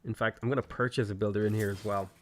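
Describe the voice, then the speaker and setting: A man's voice: on the low side, steady tone, quick pace. A man streaming a strategy game, chatting casually and answering viewers' questions. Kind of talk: casual gameplay commentary.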